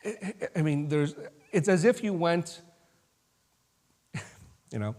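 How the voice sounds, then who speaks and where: A man's voice: on the high side, expressive, slow, long pauses, darkish tone. A man leading a Bible study as pastor, talking through the passage in a loose, casual way with restarts and asides. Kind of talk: informal sermon. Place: church sanctuary.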